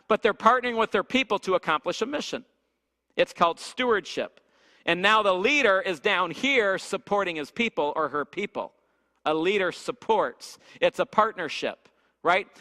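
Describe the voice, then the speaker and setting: A man giving an energetic church teaching session, often checking in with his listeners with "right?". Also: high voice, big-room sound. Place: church hall.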